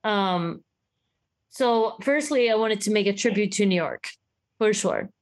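A woman co-hosting a podcast in casual chat, animated and acting out quoted voices as she talks. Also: mid-range voice, a little slow. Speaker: podcast co-host.

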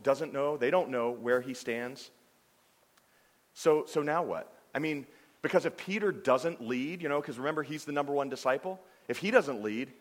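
A man preaching a sermon, animated and conversational, with frequent restarts and "I mean" fillers. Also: medium pitch. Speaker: pastor. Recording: long hall reverb.

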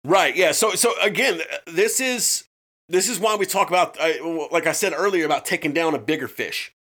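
Co-hosting a true-crime podcast, a man with a slightly high, fairly bright voice talks casually at a moderate pace. He swears a lot and keeps restarting his sentences amid frequent fillers.

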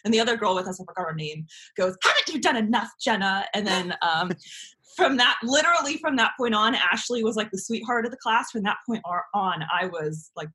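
Bright, sarcastic woman in her thirties. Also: mid-range voice. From United States (California). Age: 30s. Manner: sarcastic, animated storytelling with frequent laughs and restarts. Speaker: guest author. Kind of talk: casual interview chat.

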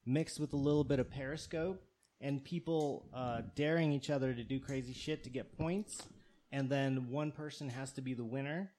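A man's voice: mid-range voice, fairly even intonation, moderate pace, darkish tone. A man hosting a podcast, telling stories in a laid-back, slangy way in casual chat. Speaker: podcast host.

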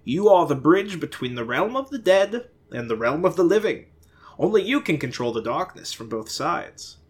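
A man's voice: fairly high pitch, expressive, unhurried, slightly rough, pitched above the performer's own voice. A man voicing a bumbling, theatrical British ghost, an old inventor who gets flustered and pleads dramatically.

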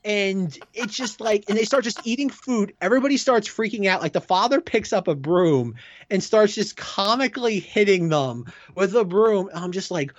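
A man co-hosting a casual chat, rambling in an animated way with lots of fillers. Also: sits high, normal speed, no room sound. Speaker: podcast co-host. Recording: dry, dull lo-fi sound.

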